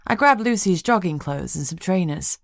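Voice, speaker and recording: A woman narrating a first-person audiobook with a wry, lively storytelling manner. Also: lowish voice, normal speed, creaky, no echo, clean studio sound.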